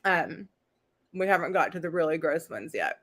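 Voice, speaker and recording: A woman's voice: deep voice, expressive, moderate pace, a bit bright. Chatty woman rambling through a recap. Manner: chatty, rambling, laughing asides. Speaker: host. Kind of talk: casual live-stream recap.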